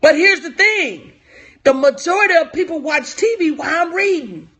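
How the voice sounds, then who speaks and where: A very high, expressive woman's voice with a bit of brightness moves at a moderate pace. She's a life coach on a motivational live stream who echoes her own lines and greets viewers in chat by name.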